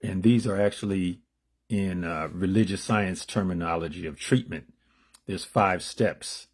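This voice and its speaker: A slow, husky man reads daily spiritual meditations off the cuff. He raises his voice for the written passages, then slips into low, offhand asides before going on. The delivery is casual and unrehearsed. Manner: unrehearsed, loose asides between readings; reads passages louder and higher, asides dropped low and quiet. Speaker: spiritual reader.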